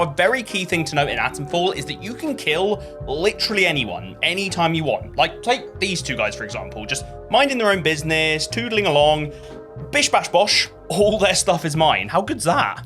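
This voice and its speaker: A man's voice: fairly high pitch, sharp tone. A British man narrating his playthrough of a video game, upbeat and jokey with plenty of exclamations. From United Kingdom. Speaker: gaming YouTuber.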